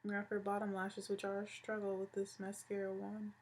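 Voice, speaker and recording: A young woman in her twenties, from Hawaii, talks through her makeup routine step by step. Her pitch stays in a narrow, level band. She has an easygoing, chatty delivery. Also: completely flat delivery, normal speed, a little mellow. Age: 20s. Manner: chatty, describes each step as she goes. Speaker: beauty vlogger. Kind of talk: makeup tutorial narration.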